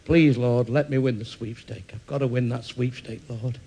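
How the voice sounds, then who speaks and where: Bloke doing a desperate little guy praying low, pleading and cursing. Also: steady tone, moderate pace, dark tone, husky. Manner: pleading, swearing. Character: desperate little man begging God in prayer.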